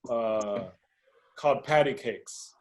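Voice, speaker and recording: A man guesting on a casual video-call interview, relaxed and easygoing, laughing often. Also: mid-range voice, slow, a little hiss or hum.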